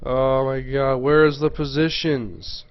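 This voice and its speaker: A man's voice: mid-range voice, flat delivery, a little slow, clean tone, dull audio. A man casually commenting on a live stream, muttering to himself as he browses and reading viewers' questions aloud. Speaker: gaming livestreamer. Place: home.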